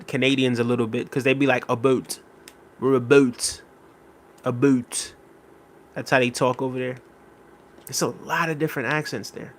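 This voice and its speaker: This young livestream host talks at a medium pitch with a slightly bright quality. Rambling and conversational, he fills his speech with fillers while reading out viewer comments and answering the chat.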